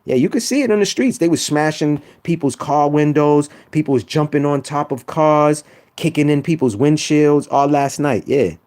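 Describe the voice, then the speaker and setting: A man's voice: on the high side, normal speed, darkish tone. A man trash-talking rival sports fans on a live stream, teasing and repeating himself for emphasis. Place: home room.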